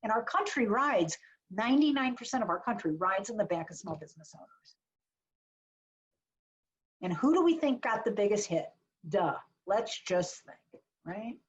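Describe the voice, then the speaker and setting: Animated woman advising on a lo-fi call. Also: mid-range voice, moderate pace. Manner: animated, chatty, blunt asides and jokes. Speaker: small business marketing advisor. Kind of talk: casual webinar talk. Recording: dull lo-fi webinar audio.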